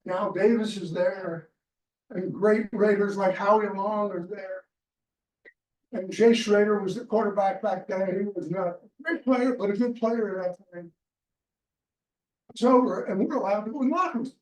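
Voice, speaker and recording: A man's voice: sits high, moderate pace. A man telling a rambling sports anecdote to a small group at a club meeting, quoting the people in it. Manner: rambling, quotes people in a retold dialogue. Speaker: chapter member telling a story. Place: restaurant meeting room. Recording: roomy, from a distant mic.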